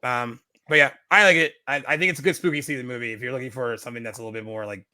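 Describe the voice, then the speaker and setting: A man's voice: mid-range voice, steady tone, very fast, bright, forceful tone, no echo. A man co-hosting a podcast, chatting casually about a film, rambling with lots of fillers and restarts. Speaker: podcast co-host. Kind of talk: casual film review chat.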